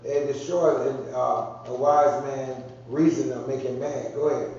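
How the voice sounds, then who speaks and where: A man's voice: mid-range voice, steady tone, measured pace, a little mellow, distant mic. A man preaching a conversational sermon, repeating phrases and drawing responses from the congregation. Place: church sanctuary. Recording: echoey muffled church sound from afar.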